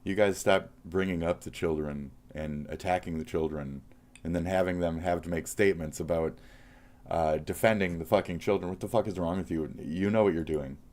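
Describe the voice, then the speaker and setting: A man's voice: low-pitched, fairly even intonation, moderate pace, a little mellow. A man streaming live, reacting to posts with a profane, mocking rant.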